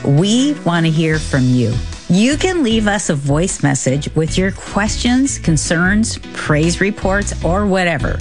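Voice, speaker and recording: Low-voiced woman reading radio promos. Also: sing-song, a little slow. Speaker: radio show co-host. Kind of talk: program announcements. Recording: studio voice with music bed.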